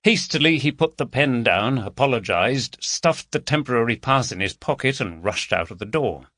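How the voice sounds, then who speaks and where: Guy narrating a crime audiobook, bright voice, dry close sound. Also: mid-range voice, animated, normal speed, dry recording.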